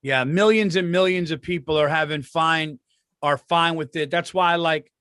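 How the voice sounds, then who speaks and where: A man's voice: fairly high pitch, normal speed, a bit bright, smooth, dry recording, clean studio sound. A man co-hosting a comedy podcast, chatting casually, agreeing and plugging his shows. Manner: agreeable, plugging tour dates. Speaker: podcast co-host.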